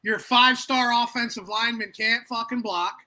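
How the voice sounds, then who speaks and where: A man's voice: extremely high pitch, fairly even intonation, normal speed, bright, forceful tone, poor audio. A man co-hosting a college football podcast, ranting and swearing in casual sports chat. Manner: profane, ranting. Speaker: podcast co-host.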